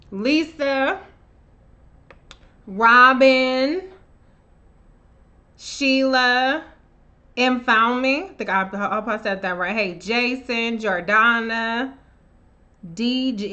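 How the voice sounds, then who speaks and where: A woman chats casually on her own live stream, calling out viewers by name. Her voice sits a little high and comes across bright and sharp. She talks bluntly, swears freely and stays animated. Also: slow, long pauses, muffled recording. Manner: profane and blunt. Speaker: livestream host. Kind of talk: casual livestream chat. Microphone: own camera on a live stream.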